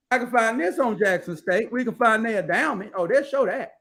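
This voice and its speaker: This host is a man with a high voice, offering casual live commentary full of blunt talk and free swearing. He wanders as he reads numbers and definitions from his screen, animated at a moderate pace with a fairly bright tone.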